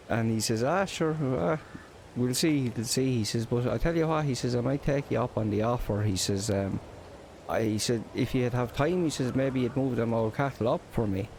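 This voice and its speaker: A man's voice: medium pitch, normal speed, darkish tone, slight background noise. A man with an Irish accent narrating a farming roleplay in a chatty storytelling way, full of local slang. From Ireland. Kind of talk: casual in-character roleplay narration.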